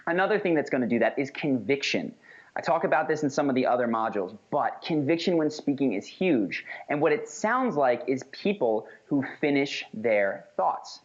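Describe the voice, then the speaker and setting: Lively man teaching a course. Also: medium pitch, moderate pace, lo-fi sound. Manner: animated, explains with acted examples. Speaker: communication instructor. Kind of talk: recorded course lecture.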